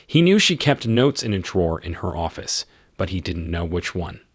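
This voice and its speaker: A man reading a scripted romance story as narrator, in an even, measured way. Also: deep voice, slightly rough, no echo, studio quality.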